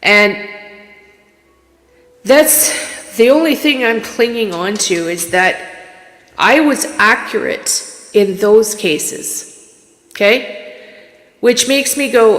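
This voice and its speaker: A woman's voice: fairly high pitch, expressive, drawn-out words, long pauses, a bit bright. A woman from Canada who works as a psychic medium, chatting on a casual livestream in a candid, rambling, emotional way with many restarts. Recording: echoey room with long reverb.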